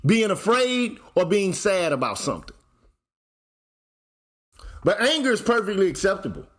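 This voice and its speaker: Male channel host with a high-pitched voice, blunt and profane, firing off rhetorical questions in a casual commentary rant. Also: big pitch swings, moderate pace.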